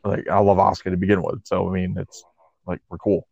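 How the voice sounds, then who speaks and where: A man's voice: deep voice, flat delivery, a little fast, vocal fry, darkish tone, husky, no echo. A man co-hosting a casual podcast, recapping wrestling in a laid-back way, laughing often and saying "like" a lot. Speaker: podcast co-host. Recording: muffled lo-fi audio.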